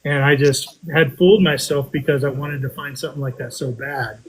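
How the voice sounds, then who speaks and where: A man casually telling a story on a podcast, animated, with his voice jumping up high when he quotes himself. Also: a little fast, husky, poor audio. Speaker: podcast guest telling a metal detecting story.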